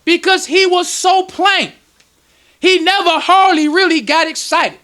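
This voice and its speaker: A male minister preaches a lecture to his congregation in a temple lecture hall, his voice very high and piercing and his pace a little slow. He speaks with strong emotion and rises into sudden shouts, keeping a sharp, forceful tone throughout.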